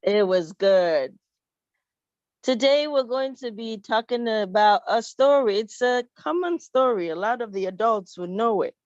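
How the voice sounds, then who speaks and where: A woman with a somewhat high voice tells a story to children at church, lively and expressive. The sound is dull and dry, close with no room echo. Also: normal speed, hardly any pauses.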